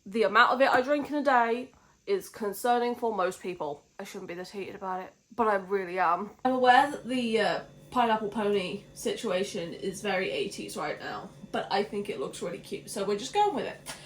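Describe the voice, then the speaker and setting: A woman's voice: medium pitch, moderate pace. A young British woman chatting casually in a book vlog, swearing freely and ranting with mock outrage. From Britain. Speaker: book vlogger.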